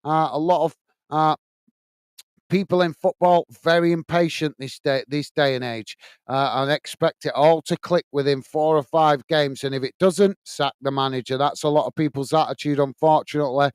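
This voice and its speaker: During a live football watch-along, the host reads viewers' comments aloud and replies in a casual, filler-heavy way. He has a fairly high, smooth, clean-toned voice, speaks at normal speed in a steady tone, and is captured close with a dry sound.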